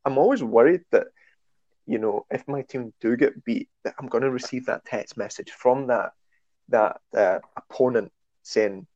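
A Scottish man chatting casually on a podcast, telling stories with a self-deprecating, animated manner. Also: medium pitch, normal speed, dry recording, highs cut off. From Scotland. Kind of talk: casual chat.

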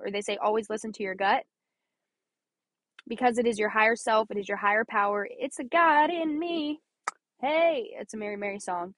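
A young woman from Missouri hosts a podcast, speaking earnestly and chattily about her personal faith, often repeating herself and laughing. Her voice is medium-pitched and fairly bright, recorded dry.

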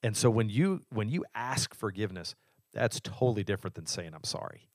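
A man's voice: on the low side, animated, a little fast, a little mellow, dry recording, studio quality. A man co-hosting a faith podcast, explaining earnestly and reflectively, often restarting his sentences. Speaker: podcast co-host. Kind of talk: casual faith discussion.

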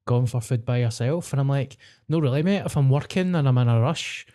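Man, young adult, warm dark voice, blunt mocking banter, swears freely. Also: mid-range voice, a little fast. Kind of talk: casual chat.

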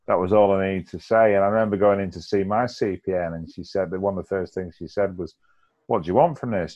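A man's voice: sits low, darkish tone. A middle-aged man speaking frankly and reflectively in casual conversation. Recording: dull lo-fi sound.

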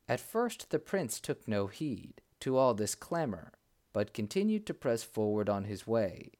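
Slow, deliberate male storyteller. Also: medium pitch, big pitch swings, a little mellow. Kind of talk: storybook narration.

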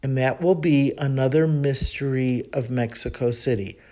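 A woman with a rumbling low voice speaks at normal speed in a Chicago accent; she's from Chicago, United States. As a podcast host, she delivers a casual monologue, rambling and reflective with lots of ums.

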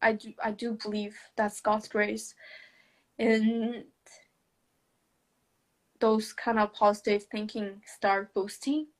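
A woman sharing a personal story in conversation, speaking hesitantly with many restarts, soft laughs and non-native English grammar. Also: mid-range voice, level tone, slow pace, pauses often.

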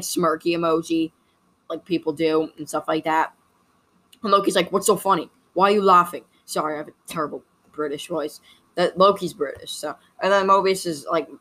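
A woman's voice: on the low side, fairly bright tone. A woman casually recapping a series, rambling, with constant "like" fillers and self-corrections. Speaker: video host recapping a series.

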